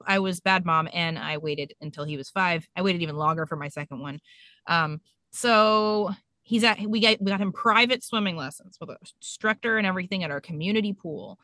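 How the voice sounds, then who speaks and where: Woman, thirties, bright voice, dry close sound, animated self-mocking storyteller. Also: fairly low pitch, a little fast, no echo. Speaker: podcast guest mom. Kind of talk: casual storytelling.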